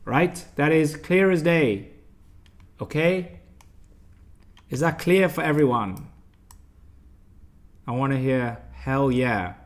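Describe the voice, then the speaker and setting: A man's voice: a little high, slow, pauses often. A young man hosting a live stock trading stream, blunt and emphatic, quizzing and scolding his viewers as he reads the chat. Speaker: stock trading livestream host.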